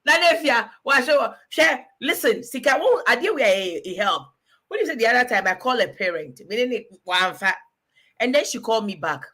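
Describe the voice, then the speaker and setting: A woman's voice: a little high, very animated, fairly quick, pushed and bright. A woman in her forties chatting frankly as host, laughing often and switching languages mid-sentence. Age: 40s. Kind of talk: casual chat.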